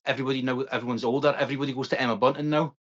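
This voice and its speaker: A man's voice: medium pitch, steady tone, racing, a bit bright. A young man co-hosting a casual podcast, easygoing and steering the chat to new topics. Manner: easygoing, prompts the other host with topics. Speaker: podcast co-host. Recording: dull lo-fi sound.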